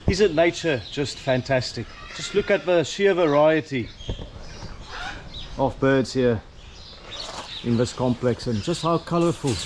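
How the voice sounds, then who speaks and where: A man's voice: measured pace, long pauses. A middle-aged man, vlogging casually on a walking tour and cooing at the birds in a sing-song voice as he goes. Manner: chatty, coos at birds in a high sing-song voice. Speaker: travel vlogger. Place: outdoor bird park. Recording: outdoor clip with loud bird noise.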